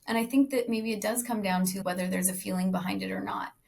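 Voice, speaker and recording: A woman hosting a casual podcast conversation, asking curious questions and musing, sometimes dropping her voice very low. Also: steady tone, quick pace, a little mellow. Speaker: podcast host.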